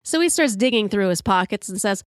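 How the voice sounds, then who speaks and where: A woman in her fifties hosting a podcast, telling a story in an animated, profane way and acting out the quotes. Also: mid-range voice, a little fast, dry recording, studio quality. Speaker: podcast host. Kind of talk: storytelling monologue.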